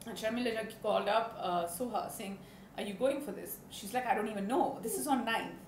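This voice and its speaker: A woman's voice: a little high, a little fast. Chatty woman telling stories. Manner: chatty, laughs often, acts out quotes. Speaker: actress, interview guest. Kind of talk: animated storytelling in an interview. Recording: roomy studio with faint background noise.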